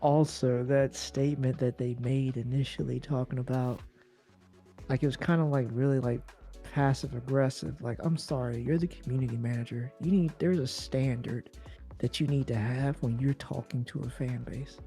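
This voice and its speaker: A man's voice: mid-range voice, steady tone, moderate pace, dark tone, faint music behind. A man co-hosting a gaming news show in loose, chatty talk, full of fillers and laughs. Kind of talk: casual chat.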